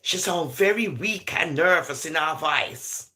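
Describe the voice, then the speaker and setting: A woman talks straight to her viewers in a casual live commentary, her pitch leaping all over as she laughs and gossips. Her voice is bright and forceful, and her patois-flavored phrasing comes through strongly. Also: animated, a little slow.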